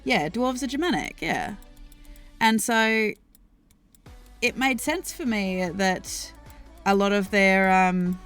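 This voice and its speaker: A woman's voice: mid-range voice, slow, pauses often, fairly bright tone, smooth. An Australian woman chatting casually on a live stream, rambling thoughtfully with many ums and restarts as she answers chat. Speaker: streamer and worldbuilder. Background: faint background music.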